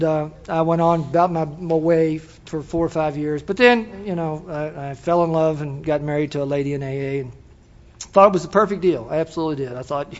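An older man shares his story with a meeting crowd in a folksy, self-deprecating way, often stopping and restarting. His voice sits high for a man. The recording is dull and lo-fi, with laughter from the audience behind him. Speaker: speaker sharing his story at a recovery meeting. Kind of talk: personal story told to a live audience.

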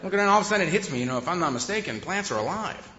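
A man's voice: sits high, lively intonation, very fast, background noise. Wry man telling stories in an echoey hall. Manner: conversational, wry, often laughing. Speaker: speaker at a recovery meeting. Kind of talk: humorous personal storytelling. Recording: echoey hall, dull sound.

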